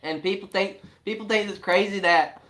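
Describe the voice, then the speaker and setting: A man, telling homestead stories in a casual, animated, laughing way. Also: high voice, normal speed. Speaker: family homesteader, co-host. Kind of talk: casual storytelling chat.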